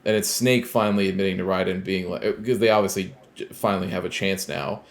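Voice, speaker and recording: A podcast co-host with a notably deep, low-pitched voice. He talks through a video game's plot in relaxed, rambling fashion, leaning on fillers. He swears casually as he goes. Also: fast. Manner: loose and rambling, heavy on filler words. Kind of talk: casual chat recapping a video game.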